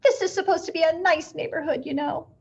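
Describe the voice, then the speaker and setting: A woman voicing a fussy, shrill older woman neighbor who shrieks indignantly in a storybook reading. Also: brisk, vocal fry, a little mellow, highs cut off. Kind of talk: storybook read-aloud.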